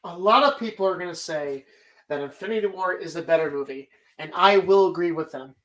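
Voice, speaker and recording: A woman's voice: lowish voice, a little fast, rough recording. A woman hosting a casual movie bracket show, talking animatedly and rambling, swearing freely as she argues her picks. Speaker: podcast host.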